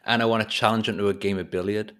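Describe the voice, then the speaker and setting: A man's voice: lowish voice, steady tone, racing, a bit bright. A man playing a tabletop role-playing game, talking casually and hesitantly with lots of "like" and "you know". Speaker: player. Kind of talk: casual play chat.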